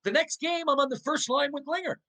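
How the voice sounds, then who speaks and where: A middle-aged man, a former pro hockey player and podcast guest, tells stories in casual conversation. He is animated and profane, restarts often and asks rhetorical questions. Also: very high-pitched, a little fast, vocal fry, rough recording.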